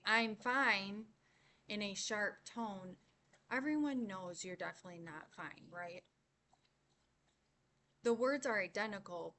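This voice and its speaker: A young woman giving a class presentation, explaining points in a measured way and slowing on key words. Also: mid-range voice, fairly bright tone, slight background noise. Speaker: student presenter.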